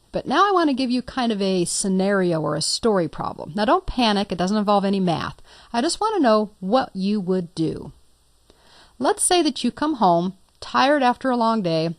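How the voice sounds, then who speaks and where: A woman instructor narrates a screen-recorded software tutorial step by step, patient and a little playful. Her voice is medium-pitched, with clean studio sound and no room echo.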